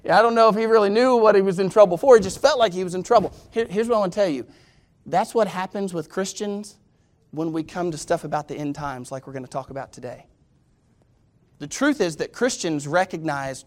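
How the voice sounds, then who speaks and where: A man preaching a sermon, telling a funny story and then reading scripture slowly and with emphasis. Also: high-pitched. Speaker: pastor.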